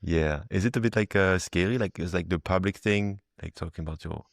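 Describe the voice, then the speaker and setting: A man's voice: sits low, brisk, creaky, no echo, studio quality. A French man hosting a podcast interview, chatting casually in English with a French accent and many fillers. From France. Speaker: podcast host. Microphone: video call.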